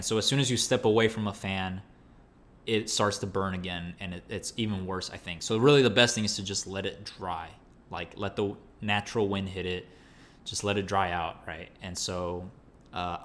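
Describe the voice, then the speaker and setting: Slangy man telling a story. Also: on the low side. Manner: animated, acts out his own reactions; slangy, many fillers like "like" and "bro". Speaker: podcast host. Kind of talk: casual storytelling.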